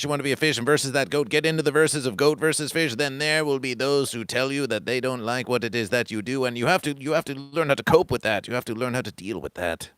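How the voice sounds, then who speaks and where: A man's voice: mid-range voice, fairly bright tone, no echo. A man hosting a livestream, ranting in a grandiose, repetitive, preacher-like cadence. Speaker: livestream host. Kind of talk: rambling comic livestream monologue.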